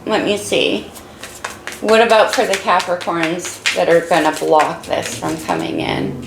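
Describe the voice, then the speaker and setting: A woman's voice: fairly low pitch, a little slow, creaky, roomy sound, noisy background. A woman giving an encouraging, emotional tarot reading while losing her voice. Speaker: tarot reader.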